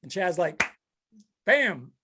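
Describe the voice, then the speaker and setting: Slow, high-pitched and slightly rough, a man's voice carries a casual chat show he hosts as a podcast. Telling stories, he animatedly acts out the people in them and their quotes.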